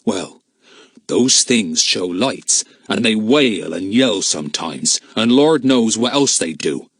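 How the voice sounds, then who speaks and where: A man's voice: fairly low pitch, lively intonation, fairly bright tone, slightly rough, no echo, studio quality, heavily acted. A man doing a cruel, growling brute. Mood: menacing. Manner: growling, slow menacing drawl. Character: threatening burly grown man, cruel and spiteful.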